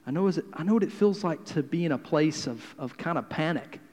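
Male pastor, sermon, slightly high voice, hushed to emphatic, long hall reverb. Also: animated, quick pace. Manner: swings from hushed to loud and emphatic.

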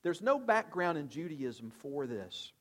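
An older man preaching a sermon in an earnest, conversational way, often dropping to soft, low tones to stress a point. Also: sing-song, measured pace. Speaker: pastor.

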